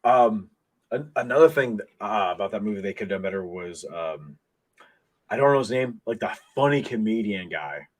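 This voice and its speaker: A man hosting a casual podcast, talking in an excitable, rambling way full of restarts, into a desk mic. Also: lowish voice, moderate pace. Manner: excitable, rambling fan talk with many restarts. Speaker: podcast host. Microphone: desk microphone.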